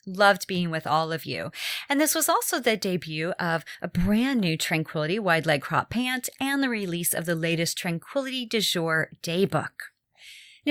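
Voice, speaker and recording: A woman's voice: on the low side, fairly bright tone, no room sound, studio quality. A middle-aged woman hosting a podcast, talking casually and chattily with frequent fillers and restarts. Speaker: podcast host.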